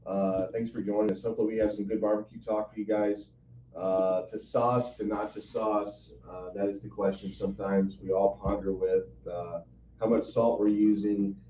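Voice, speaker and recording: A man's voice: lowish voice, fairly even intonation, moderate pace, dark tone, a little hiss or hum. A man with a Texan accent co-hosting a barbecue podcast, talking in a laid-back, rambling way with teasing asides. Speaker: podcast co-host. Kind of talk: casual chat.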